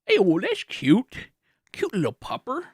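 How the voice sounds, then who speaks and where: Young male streamer in his late twenties, slightly raised pitch, laid-back and rambling, a little high, home studio mic with no room echo. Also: huge pitch swings, a little mellow, breathy edge. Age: late 20s. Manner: rambling, laughing, loose and slowed. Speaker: livestreamer. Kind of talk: casual livestream chat reading donations. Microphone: high-end studio microphone.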